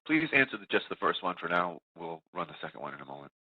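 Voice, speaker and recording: A man with a stuffy head cold moderating a webinar, calmly reading out poll results and correcting himself as he goes. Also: low-pitched, fast talker, slightly rough, dry recording. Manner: steady, procedural, self-correcting. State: congested from a cold. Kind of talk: running audience polls. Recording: tinny phone-like line, dry.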